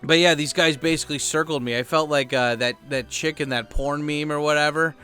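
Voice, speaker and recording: A YouTuber speaking at home in a casual talking-head chat, rambling and profane with plenty of fillers. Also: male voice, on the high side, steady tone, a little fast, bright, forceful tone, smooth, faint music behind.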